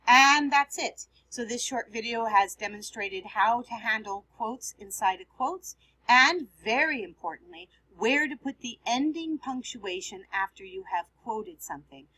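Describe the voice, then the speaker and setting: A woman's voice: fairly high pitch, animated, unhurried, bright, forceful tone, husky, low-quality recording. A woman teaching writing, patiently explaining punctuation step by step as she edits on screen. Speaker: writing instructor. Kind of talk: screen-recorded writing lesson.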